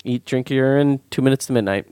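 A man hosting a casual podcast chat, animated and rambling, quick to laugh and swear. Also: mid-range voice, background noise. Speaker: podcast host.

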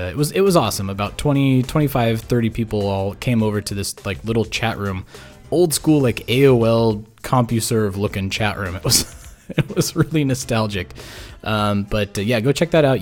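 A burned-out, exhausted man hosting a podcast, rambling through a casual sign-off with lots of fillers and restarts, mumbling at times. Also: lowish voice. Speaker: podcast host.

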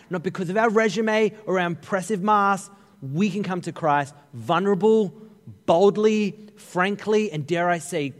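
A middle-aged Australian man preaching a sermon, telling funny stories with lively, joking asides to the congregation. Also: high voice. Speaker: pastor. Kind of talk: humorous storytelling sermon. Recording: long reverb of a large hall.

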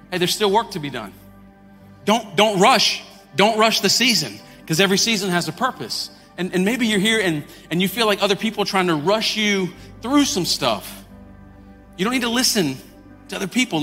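A pastor delivering a lively sermon to his congregation, acting out quoted voices and repeating words as he builds his points. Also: high-pitched. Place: church sanctuary. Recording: long hall reverb, faint music.

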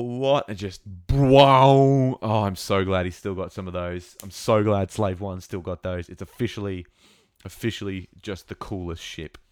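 A young man recapping a show episode in a casual, excitable and rambling way, with lots of fillers and restarts. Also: deep voice, no room sound, studio quality. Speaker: show reviewer.

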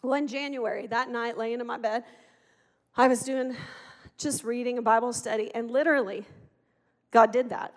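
A middle-aged woman with a high voice tells her story from the pulpit in an earnest, impassioned way. Her words ring out with a long reverb, as in a large hall. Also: steady tone, moderate pace, pauses often. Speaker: speaker giving testimony. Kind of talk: sermon testimony. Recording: echoey hall.

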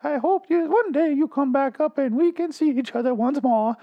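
Male performer doing a high falsetto woman reading a tender letter, mocking tone, set back from the mic. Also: moderate pace, lo-fi sound. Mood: mocking sweet.

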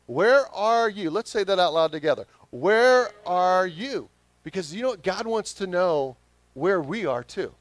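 Preaching man with a Southern accent. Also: no echo. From Southern United States. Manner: preaching, rising to emphatic calls and dropping low. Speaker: pastor. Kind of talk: sermon.

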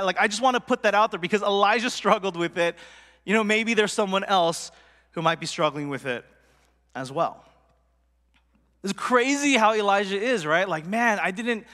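A man's voice: sits high, expressive, measured pace, pushed and bright, long reverb tail. A man preaching a casual sermon as a pastor, earnest and conversational, with lots of "like" and "right?".

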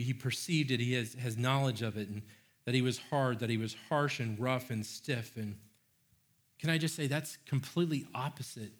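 A man preaching a sermon as pastor, animated and earnest, acting out excited praise and restarting his phrases. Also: mid-range voice. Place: church.

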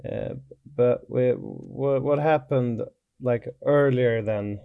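A man's voice: mid-range voice, slow pace, gravelly, dry recording, narrow, tinny audio. A man hosting a podcast in a casual chat, asking loose, rambling questions. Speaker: podcast host.

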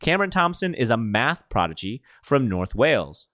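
A man's voice: mid-range voice, sing-song, moderate pace, pushed and bright, dry recording, clean studio sound. A man co-hosting a casual chat show who reads news items aloud in a jokey way and laughs as he goes. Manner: jokey, laughs while reading, mangles names on purpose. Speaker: podcast co-host.

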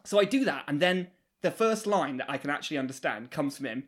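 A young-sounding man with a high, lively voice recounts a mishap on a casual podcast. He swears freely and laughs his way through the story, his pitch bouncing all over the place. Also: fast. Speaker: podcast co-host.

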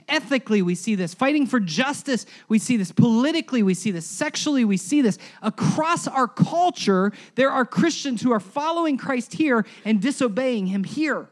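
Pastor, mid-pitched, talks like a conversation, builds to emphatic punches, sometimes drops near a whisper. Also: animated, normal speed, few pauses. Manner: emphatic, conversational, rhetorical questions and humorous asides. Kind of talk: sermon.

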